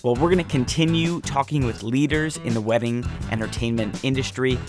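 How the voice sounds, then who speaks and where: A man hosting a podcast at a middle pitch, moving from friendly questions to a brisk promotional sign-off. Music plays clearly underneath his voice. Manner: friendly, promotional, reads calls to action. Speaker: podcast host. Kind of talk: podcast interview and outro. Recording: music audible behind voice.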